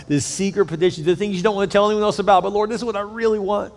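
Male pastor, high voice, lively conversational sermon delivery, long reverb of a big church hall. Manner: animated, conversational preaching with quick asides.

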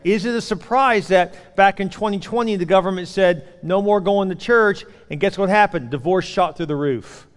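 A man in his forties preaching a sermon as pastor, animated and acting out voices while he tells stories. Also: high-pitched, normal speed, hardly any pauses. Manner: animated storytelling, acts out voices. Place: church auditorium. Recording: long hall reverb.

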